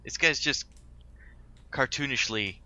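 A man's voice: mid-range voice, measured pace, sharp tone. A man co-hosting a podcast, telling stories in a crude, exasperated way. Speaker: podcast co-host. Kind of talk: casual movie-review chat.

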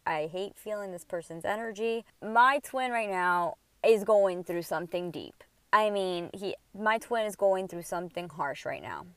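A woman's voice: lowish voice, smooth, no room sound. A woman in her thirties hosting a casual spiritual podcast, talking candidly and rambling, swearing freely, recorded at home. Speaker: podcast host. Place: at home by a window.

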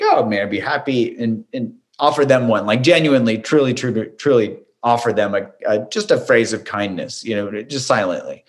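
A man, a doctor and author, telling relaxed self-deprecating anecdotes as an interview guest. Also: mid-range voice. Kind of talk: conversational storytelling.

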